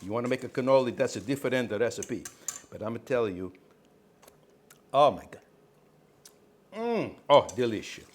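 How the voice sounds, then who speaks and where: A man's voice: medium pitch, very animated, moderate pace, long pauses, close to an everyday voice. A man playing a chatty Italian-American cook who rambles in broken English with a put-on Italian accent. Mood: chatty instruction. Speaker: cooking show host. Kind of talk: comic cooking demonstration.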